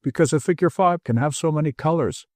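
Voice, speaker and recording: A man's voice: fairly high pitch, a little fast, darkish tone, no room sound, studio quality, pitched above the performer's own voice, lightly acted. A man voicing an older country doctor who speaks in a mild, amused, matter-of-fact way. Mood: dryly amused. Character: old country doctor, wry and dry.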